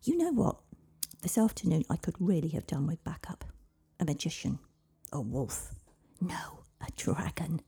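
A woman's voice: low-pitched, very animated, measured pace, vocal fry, mellow, slightly rough, whispered, full character voice. A woman playing a fierce, dreamy little girl. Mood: eager.

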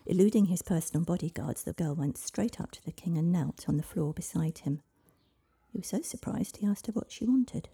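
A woman narrating a storybook in a soft, hushed voice that often drops to a whisper. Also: on the low side, a little fast, gravelly, breathy edge. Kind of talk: storybook reading.

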